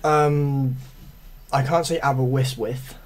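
A man's voice: medium pitch, steady tone, slow pace, a crowd in the background. Rambling man casting esports. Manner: rambling, repeats words, laughs often. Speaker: esports caster. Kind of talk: casual esports commentary.

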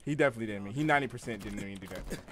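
A man's voice: fairly low pitch, racing, slight background noise. A man streaming a shooter game, ranting with frustration and a lot of swearing. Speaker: gaming streamer. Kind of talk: raging gameplay commentary.

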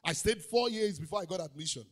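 A pastor with a Nigerian English accent preaching a sermon in a church auditorium, calling out to the congregation and building up to shouted lines. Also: male voice, high-pitched, animated, fast. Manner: preaching with crowd call-outs, swelling into shouts.

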